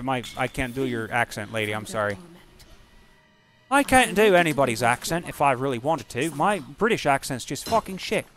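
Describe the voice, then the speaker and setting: A man giving casual, rambling commentary while playing a video game, swearing freely and breaking into excited outbursts. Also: mid-range voice, normal speed. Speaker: gameplay streamer.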